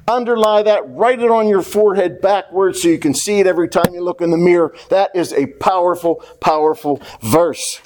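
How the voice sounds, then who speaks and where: A pastor preaching a sermon, repeating key phrases for emphasis and putting questions straight to the congregation in a folksy way. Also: male voice, high voice, a little fast, few pauses, a little mellow. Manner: addresses the congregation directly with questions; folksy, drops into casual slang.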